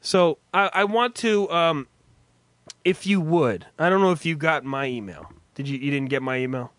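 A man's voice: a little high, animated, normal speed, fairly bright tone, dry recording. A man hosting a casual comedic chat, swearing freely and rambling through his stories. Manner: profane, rambling.

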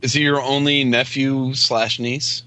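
A man's voice: mid-range voice, little pitch movement, a little slow, bright, forceful tone. A man co-hosting a podcast, answering with short, dry, laid-back jokes. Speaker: podcast co-host. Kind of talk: casual comedic chat.

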